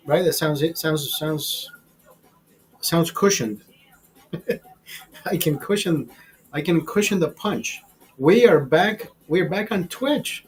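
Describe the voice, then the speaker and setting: A man's voice: a little high, moderate pace, slightly rough, soft background music, low-quality recording. A man hosting a livestream, chatting to his viewers in a profane, rambling, easygoing way. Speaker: livestream host. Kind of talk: casual chat to viewers.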